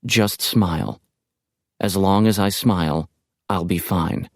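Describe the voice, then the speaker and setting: A man reading the diary entries of a frightened young woman in an audiobook, in a low, slow, even voice. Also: no echo, clean studio sound, heavily acted. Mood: desperate. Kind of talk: audiobook narration.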